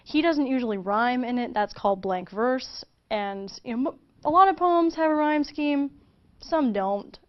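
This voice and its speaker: A woman's voice: high voice, expressive, normal speed, muffled recording. A woman giving a casual, chatty video lesson, with frequent fillers and restarts as she explains. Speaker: teacher.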